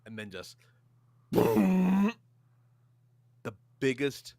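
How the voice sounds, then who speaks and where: Extremely slow and on the high side, this thirtysomething podcast co-host speaks on a dry recording. Casually chatting, he animates his stories by performing the quotes and swearing without restraint.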